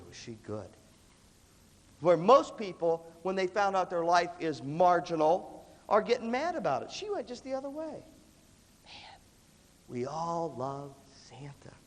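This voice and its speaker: Coughing again and again, a motivational speaker with a voice that sits high chats conversationally to a huge crowd of students in a big hall, playing out the students he quotes. Long hall reverb hangs on the recording.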